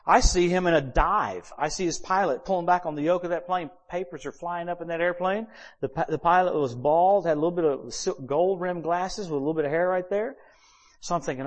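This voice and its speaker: A man preaching at a church service, telling personal stories and acting out quoted dialogue with sudden jumps in loudness. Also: on the high side, quick pace. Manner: animated storyteller who acts out quoted dialogue with sudden shifts in loudness. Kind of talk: sermon storytelling.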